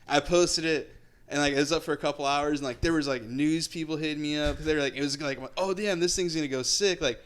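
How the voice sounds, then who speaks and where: Animated young man, fairly high voice. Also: fast. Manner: swears a lot, voice jumps high when retelling shocked reactions. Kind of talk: animated casual storytelling.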